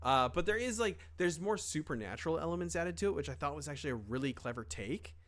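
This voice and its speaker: A man's voice: on the high side, expressive, fast talker, fairly bright tone. Rambling young man in casual chat. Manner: rambling, lots of fillers and restarts, swears casually. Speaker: podcast co-host.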